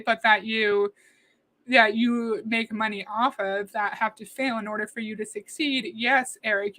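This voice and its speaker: A chatty woman hosts a casual livestream, reacting to a video and answering her viewers' comments. Her voice sits a little high for a woman. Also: bright, forceful tone.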